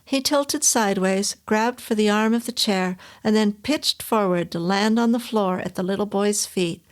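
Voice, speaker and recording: A woman reads a classic story aloud, steady and measured. Her voice sits at an ordinary middle pitch for a woman. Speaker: story reader. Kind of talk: audiobook reading.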